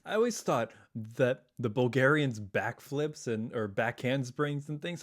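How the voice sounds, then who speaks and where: A man's voice: mid-range voice, animated, normal speed, few pauses. A man hosting a reaction video, chatting casually and rambling, often trailing off and acting out his own thoughts.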